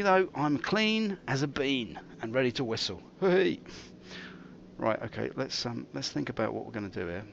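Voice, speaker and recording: A man streaming a game, telling theatrical, jokey stories with big swings in pitch. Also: very animated, normal speed, creaky, muffled recording, a little hiss or hum. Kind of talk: rambling live-stream commentary.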